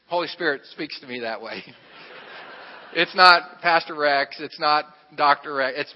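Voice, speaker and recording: A male pastor with a slightly high voice tells a personal story from the pulpit. He keeps it chatty and pokes fun at himself. The sound carries a long hall echo and a dull, muffled tone. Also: brisk. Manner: conversational, self-deprecating storyteller with asides to the audience. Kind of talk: storytelling sermon. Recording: reverberant, muffled hall recording.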